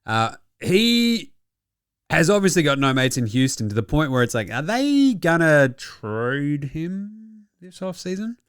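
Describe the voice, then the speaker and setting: He's a young adult Australian basketball podcast host with a fairly high, smooth voice, very animated yet measured in pace, mocking and swearing with plenty of chuckles. The studio recording has no room sound.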